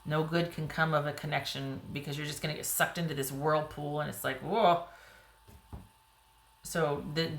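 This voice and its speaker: A woman giving a casual, rambling tarot reading to viewers, her voice getting a little hoarse. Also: deep voice, pushed and bright, reverberant. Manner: chatty, rambling, frequent "you know" and "like". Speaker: tarot reader.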